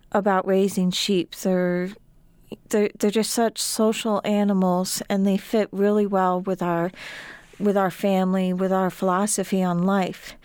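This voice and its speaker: A woman's voice: medium pitch, a little mellow, clean tone, no echo. A middle-aged woman, a farmer and author, speaking emphatically as a guest in a radio interview. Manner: emphatic, intense, pauses and restarts when emotional.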